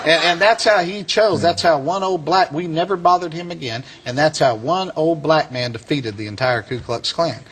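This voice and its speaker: A man's voice: fairly high pitch, normal speed, few pauses, slightly rough. Folksy man telling a story. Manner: folksy, animated, drawling storyteller. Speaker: former Klansman turned preacher. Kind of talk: storytelling testimony to an audience.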